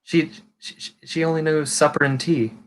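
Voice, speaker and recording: A man's voice: a little high, steady tone, moderate pace. Californian man, stream host, rambly with many restarts, casual swearing, faint background noise. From California, USA. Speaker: livestream host. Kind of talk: casual chat.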